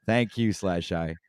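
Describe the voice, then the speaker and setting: A man hosting a live-stream talk show, cutting in to thank viewers in a laid-back, halting way with many fillers. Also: sits low, a little mellow, clear, resonant tone, dry recording, clean studio sound. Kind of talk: casual live-stream chat.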